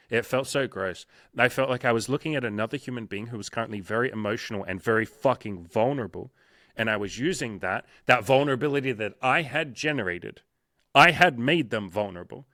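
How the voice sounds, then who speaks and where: A man's voice: mid-range voice, sharp tone, no room sound, clean studio sound. A man talking as a coach in a casual podcast conversation, swearing often and acting out quoted exchanges with emphasis. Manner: profane, emphatic, acts out sales calls in quoted voices. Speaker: dating and life coach.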